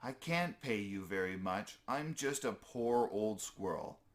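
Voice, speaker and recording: A man voicing a sweet, very old grandmotherly female squirrel who speaks gently and kindly, calling everyone dear. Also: on the low side, lively intonation, unhurried.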